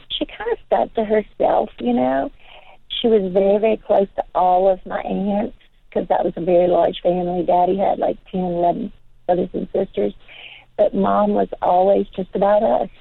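Older woman, gravelly, over a tinny line. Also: mid-range voice, fairly even intonation, moderate pace, no room sound. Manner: rambling, chatty, full of "you know". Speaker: guest. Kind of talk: casual interview chat. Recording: tinny phone-like line, dry.

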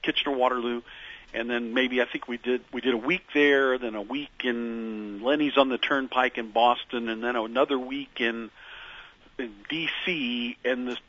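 A man's voice: mid-range voice, fairly even intonation, moderate pace, a bit bright, muffled recording. A man being interviewed as a musician guest, telling stories in a meandering way with many fillers and restarts. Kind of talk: reflective radio interview storytelling.

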